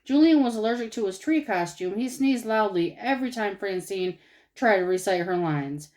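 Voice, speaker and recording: A woman reading a children's storybook aloud with expressive, animated narration. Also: medium pitch, moderate pace, low-quality recording. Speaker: storybook reader.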